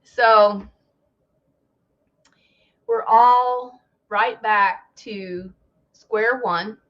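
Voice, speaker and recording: Woman, high lively voice, unhurried, dramatic storyteller, dull lo-fi sound. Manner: animated storyteller who acts out quotes with dramatic pauses. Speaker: travel advisor vlogger. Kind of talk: casual monologue commentary.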